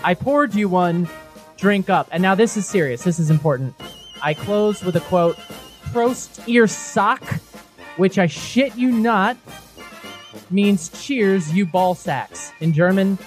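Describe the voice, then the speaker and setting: A man co-hosting a beer podcast, chatting casually in a playful, excitable way. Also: high voice, a little slow, faint music behind. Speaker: podcast co-host. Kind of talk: casual chat.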